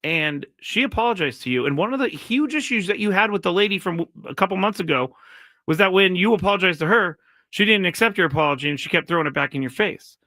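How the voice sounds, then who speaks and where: Talking fast with lively intonation, a man whose high voice sounds pushed and bright hosts his own live show, with no room sound audible. His casual monologue is a rambling, self-correcting story broken up by viewer chat comments he reads aloud.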